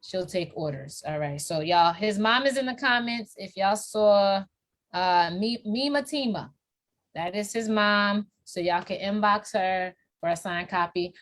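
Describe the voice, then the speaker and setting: A woman with a New York accent hosts a casual live-stream chat with a mid-range voice. She talks in a playful, lively way and lets out loud excited cries. She hypes up her young guest and talks to her viewers. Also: mid-range voice, unhurried. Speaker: host.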